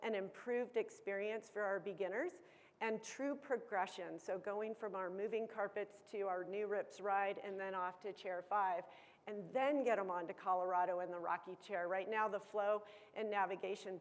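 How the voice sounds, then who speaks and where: A woman giving an upbeat conference presentation about her ski area's season, with some filler ums. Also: medium pitch. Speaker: ski area operations chief. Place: conference hall. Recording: long reverb of a conference hall.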